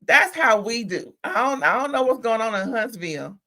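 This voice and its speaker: A woman's voice: fairly high pitch, lively intonation, normal speed, pushed and bright. A woman from California giving sassy, opinionated commentary as she recaps a reality TV reunion in casual chat. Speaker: reality TV reviewer.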